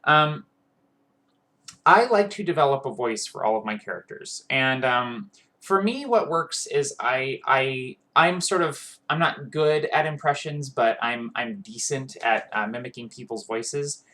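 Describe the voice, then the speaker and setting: A man's voice: medium pitch, lively intonation, a little slow, bright, forceful tone. Earnest man giving role-play tips. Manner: earnest, with frequent fillers and restarts. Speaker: tabletop role-playing video host. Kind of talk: casual advice monologue.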